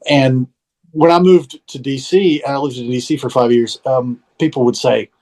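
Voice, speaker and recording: A man's voice: medium pitch, steady tone, normal speed, a little mellow, poor audio. A man with a Southern US accent, chatting casually as a podcast co-host, rambling and self-deprecating with many restarts. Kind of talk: casual phone chat.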